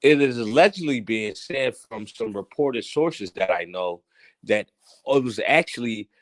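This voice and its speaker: A man hosting a casual current-events commentary, teasing and theatrical, swinging between loud outbursts and hushed asides. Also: mid-range voice, lively intonation, a little slow. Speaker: host.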